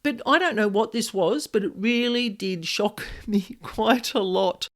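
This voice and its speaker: A woman hosting a podcast, telling a personal paranormal experience in a casual, expressive way with many "like" fillers. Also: on the high side, unhurried. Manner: animated, expressive, frequent "like" fillers. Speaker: podcast host, paranormal specialist. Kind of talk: casual storytelling monologue.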